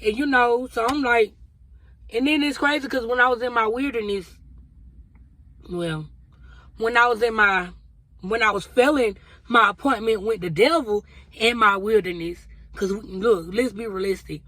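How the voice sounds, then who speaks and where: A woman's voice: on the high side, moderate pace, a bit bright, no room sound. A woman vlogger sharing a spiritual testimony in a casual, emotional, conversational way, talking straight to her viewers. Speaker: vlogger sharing a prophetic word.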